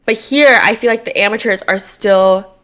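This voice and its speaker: A woman's voice: mid-range voice, normal speed, a bit bright. A woman in her twenties, a podcast co-host, telling rambling stories in casual chat with lots of filler words.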